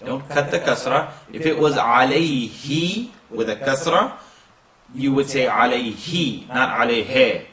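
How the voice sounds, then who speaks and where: Man, recitation teacher, slow deliberate pace, chanted demonstrations, echoey room. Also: medium pitch, expressive, a bit bright, recorded from a distance. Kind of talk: pronunciation lesson.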